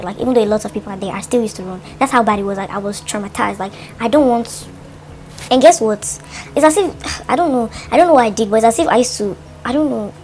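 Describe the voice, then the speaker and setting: A young woman tells a personal story to her vlog, full of fillers like "like" and acting out her own thoughts. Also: medium pitch. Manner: animated storytelling, lots of "like", dramatizes her thoughts. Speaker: vlogger.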